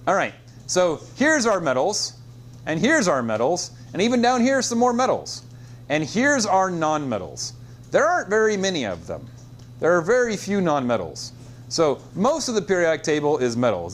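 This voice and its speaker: A man's voice: high-pitched, moderate pace, a little hiss or hum. A middle-aged man teaching chemistry to a class, joking and quizzing the students in a classroom. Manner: lively, joking, quizzes the class with call-and-response. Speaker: high school chemistry teacher. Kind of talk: classroom lecture.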